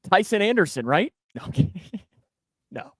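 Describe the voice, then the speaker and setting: A man co-hosting a sports podcast who jokes a lot and gets animated, his voice jumping upward when he gets excited. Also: normal speed, slightly rough, no echo, clean studio sound. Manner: animated, jokey, pitch jumps up when excited. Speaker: podcast co-host. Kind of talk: casual sports chat.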